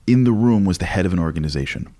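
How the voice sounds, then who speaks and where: A man in his forties, a lecturer speaking as a guest in an interview, telling stories in an animated way with frequent restarts. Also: deep voice. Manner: animated, fast, with many restarts. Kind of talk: conversational storytelling interview.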